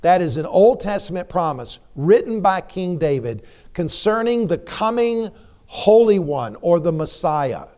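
Slow and deliberate, a man preaches a sermon in a church sanctuary, his mellow voice a bit higher than most men's and swinging widely in pitch. Emphatic repetition and pointed rhetorical questions drive his message, his intensity building and easing.

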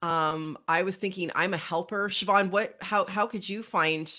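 Relaxed woman co-host, lower voice. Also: normal speed. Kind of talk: casual chat.

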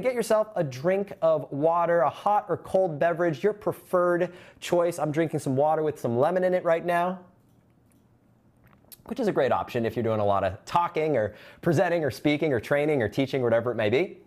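A man hosting a live online marketing symposium, talking to camera with energetic, upbeat calls to action and reading out chat comments. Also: a little high.

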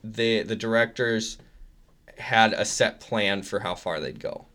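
Bright-voiced man chatting casually. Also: on the low side, slow pace. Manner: relaxed, laughs often, trails off. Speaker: podcast co-host. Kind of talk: casual chat.

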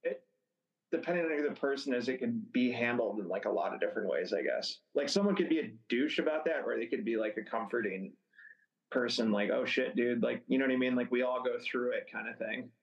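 Relaxed hedging man. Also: medium pitch, a little fast, highs cut off. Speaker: podcast co-host. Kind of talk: casual chat.

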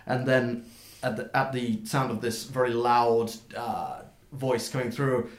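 Halting male game master, echoey room. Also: medium pitch, steady tone. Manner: halting, full of fillers and restarts. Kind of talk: narrating a tabletop game. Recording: roomy echo.

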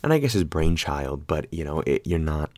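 Casting: deep-voiced man, rambling profane storyteller, dry close mic. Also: moderate pace, no room sound. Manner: rambling, profane, animated retelling with quoted voices. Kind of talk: casual storytelling.

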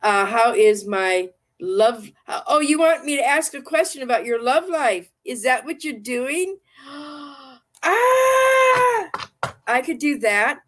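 Speaking a little slowly yet with hardly any pauses, this livestream talk show host and tarot reader has a slightly high voice and lively intonation. She chats casually, drifting along in a warm, rambling way and frequently saying things twice.

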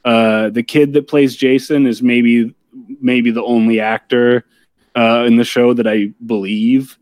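A man's voice: mid-range voice, level tone, a little slow, darkish tone, no echo. A man co-hosting a podcast, giving blunt, dry criticism of a TV episode and swearing casually. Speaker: podcast co-host. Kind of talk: casual chat reviewing a TV episode.

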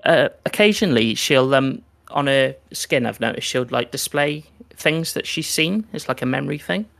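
Guy game-mastering a tabletop game, gravelly and bright, stumbles and restarts a lot. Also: medium pitch, animated, faint music behind. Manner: halting, many fillers and restarts.

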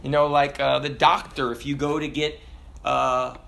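A man in his thirties with a Southern American accent preaches in a folksy, animated style, joking and firing rhetorical questions at the congregation. His gravelly voice is medium-pitched at a moderate pace, with slight background noise.

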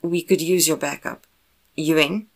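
A woman voicing a man phoning his brother, talking quickly in a raised, keyed-up voice. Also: low voice, fairly even intonation. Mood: urgent. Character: younger brother on the phone, urgent, man.

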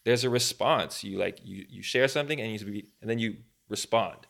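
Podcast co-host, male: low, gravelly, bright, loose and chatty. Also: brisk. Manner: rambling, animated, many fillers. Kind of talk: casual faith chat.

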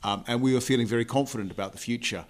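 A man's voice: medium pitch, fairly even intonation, very fast. A middle-aged man with a New Zealand accent, answering interview questions in a friendly, thoughtful way. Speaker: airport chief executive. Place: hotel room.

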